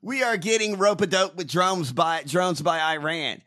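A man on a podcast, ranting loudly about politics with heavy swearing. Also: high-pitched, moderate pace. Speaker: podcast host. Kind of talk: profane political rant.

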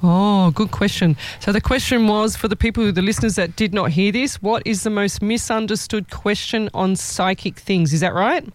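A woman's voice: medium pitch, moderate pace, few pauses, no room sound. Rambling woman giving psychic readings. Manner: rambling, self-correcting, laughs often. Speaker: psychic medium. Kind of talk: live psychic reading on a show.

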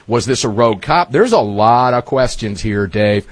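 A man's voice: medium pitch, animated, normal speed, slight background noise. A man hosting a talk radio show, emphatic and folksy, speaking straight to his listeners.

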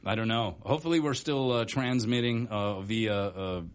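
A man's voice: fairly low pitch, moderate pace. A man hosting a radio show from a studio, chatting casually and rambling with lots of hesitant fillers. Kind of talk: casual on-air chat.

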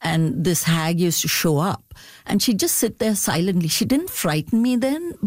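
A middle-aged woman novelist answering interview questions in a thoughtful, unhurried way, often laughing as she talks. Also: fairly low pitch, animated, no echo, studio quality.

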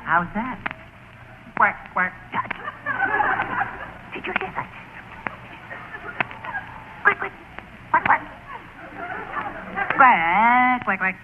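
A man's voice: high voice, sing-song, extremely slow, long pauses, voice pushed up, full character voice. A man voicing a cheeky, wisecracking boy dummy in a 1940s radio comedy, trading quips. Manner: sassy quips, stammers in the cold. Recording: tinny, hissy old radio broadcast.

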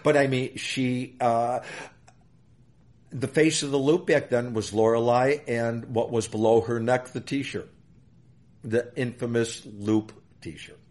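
A man's voice: medium pitch, fairly even intonation, takes it slowly, a little mellow. Older man telling rambling anecdotes. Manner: rambling anecdotes with many fillers. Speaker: interview guest. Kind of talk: storytelling in an interview.

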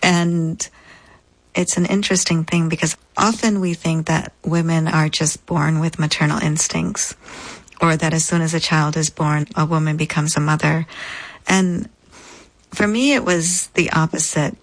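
A woman guest in an interview, recounting a personal experience in a measured, deliberate way with frequent pauses. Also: low voice, steady tone, low-quality recording. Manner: measured, deliberate, pausing often. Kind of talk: reflective personal storytelling.

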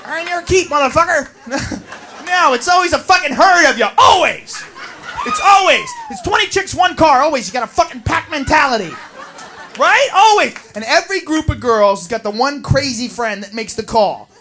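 A woman doing a stand-up comedy routine, brash and profane, yelling her punchlines on a club stage. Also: high voice, very animated, normal speed, slight background noise. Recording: live club, audience crowd behind.

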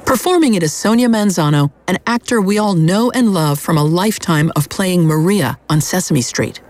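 A host reading a scripted introduction for a story segment in a smooth, even way. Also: mid-range voice, moderate pace.

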